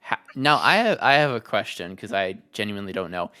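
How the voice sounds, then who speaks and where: Host, woman, 20s, very deep voice, lively and jokey, bright tone. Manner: playful, jokey, quick asides. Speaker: podcast host. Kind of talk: casual chat on a live stream.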